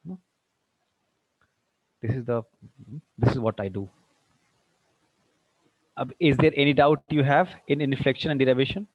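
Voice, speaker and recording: A man runs an English grammar lesson, firing questions at his students and checking they follow. His voice sits at an ordinary pitch. The recording is dull and dry, as if from a classroom camera. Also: moderate pace, long pauses, dry recording. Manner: quizzing students with frequent check-ins, mixing in Hindi. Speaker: English teacher.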